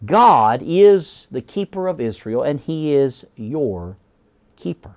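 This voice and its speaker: Preacher man with a lively, swooping voice. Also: fairly high pitch. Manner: reads scripture aloud, slows and drops at phrase ends; self-corrects mid-sentence. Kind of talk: sermon.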